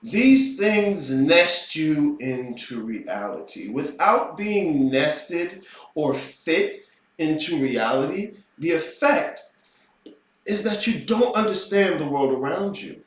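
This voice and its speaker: A high-pitched man rants through a lecture, his voice swinging widely as he curses and mocks. The sound is roomy and echoey, with him set back from the microphone. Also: takes it slowly. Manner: profane, mocking, animated. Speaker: occult lecturer. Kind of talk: unscripted ranting lecture. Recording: roomy echo, voice far from mic.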